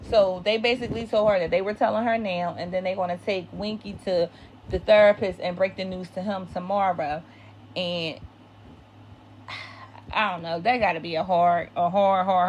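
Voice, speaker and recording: A woman's voice: fairly low pitch, a little hiss or hum. A woman hosting a casual TV episode recap, talking in an opinionated way and repeating phrases for emphasis.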